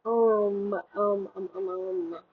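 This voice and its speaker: A woman's voice: steady tone, slow. A young woman vlogging in a rambling, jokey way, full of fillers and self-mocking asides, recorded on a headphone mic. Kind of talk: casual chat. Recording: tinny low-quality headphone mic.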